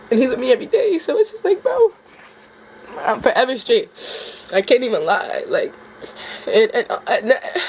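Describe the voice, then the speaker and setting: A young woman speaks at a mid-range pitch in a personal faith vlog. She talks earnestly and casually, full of slang, with a faint hiss in the background. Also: darkish tone. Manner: heartfelt, slangy, says "bro" often. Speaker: vlogger.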